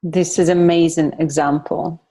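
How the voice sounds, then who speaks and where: A woman's voice: low-pitched, fairly even intonation, unhurried, warm tone, husky. A woman hosting a workshop, affirming her guest enthusiastically. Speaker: workshop host. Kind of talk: casual chat.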